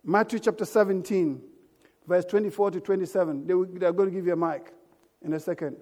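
A man's voice: high-pitched, steady tone, brisk, darkish tone. A man preaching a sermon as pastor, emphatic and calling out for amens from the congregation. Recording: echoey church hall.

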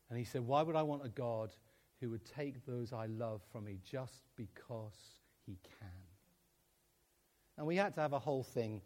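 A man preaching a sermon, telling stories with acted-out dialogue and laughing often as he speaks. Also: on the high side. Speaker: pastor.

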